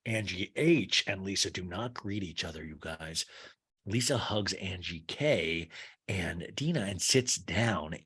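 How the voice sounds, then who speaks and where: A man chatting through a casual podcast recap, his voice husky and worn from talking for hours. His pitch swoops all over as he tells the story. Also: measured pace. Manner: animated, jumps into high mocking voices for quotes. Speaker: podcast host. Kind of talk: casual recap with acted quotes.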